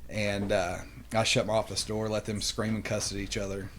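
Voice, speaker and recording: A man in his forties with a drawl tells animated, salty stories on a podcast. His voice sits on the low side, and he jumps into the voices of the people he quotes. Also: moderate pace, slight background noise. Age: 40s. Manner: animated, profane storytelling, acts out quotes. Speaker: podcast guest. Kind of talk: casual storytelling chat.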